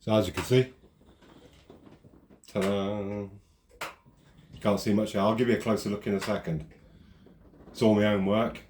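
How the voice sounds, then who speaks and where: A man's voice: lowish voice, steady tone, moderate pace, pauses often, darkish tone, a little hiss or hum. A man vlogging casually while building model railway scenery outdoors. He rambles, self-deprecating and chatty, with the odd curse. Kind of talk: casual hands-on craft commentary.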